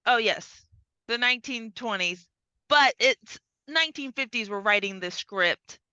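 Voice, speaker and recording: A bright, clear-voiced woman chatting on a podcast, retelling a film and jumping up in pitch to play each character's lines. The sound is dry and a little muffled. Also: measured pace, no echo. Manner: animated, acts out characters' lines with big pitch jumps. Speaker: podcast co-host. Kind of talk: casual chat recapping a film.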